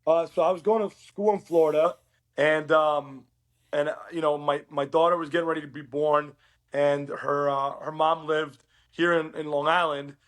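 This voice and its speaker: A middle-aged man from Uruguay, a podcast guest, telling his story in a casual, animated way and acting out quoted dialogue. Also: fairly high pitch, moderate pace.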